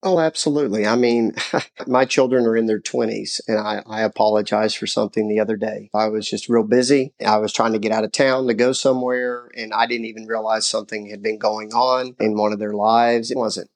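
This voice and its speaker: A middle-aged man, a father of grown children, talking earnestly about parenting and faith in a casual chat, telling stories with animated asides. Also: on the low side, a little fast.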